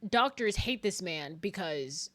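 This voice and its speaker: A woman's voice: fairly low pitch, expressive, slow pace, fairly bright tone. A young woman streaming a game, chatting casually, laughing often and swearing freely.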